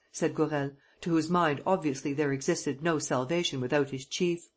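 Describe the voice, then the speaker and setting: Husky, steady audiobook reader. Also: mid-range voice, normal speed. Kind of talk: scripted narration of a novel.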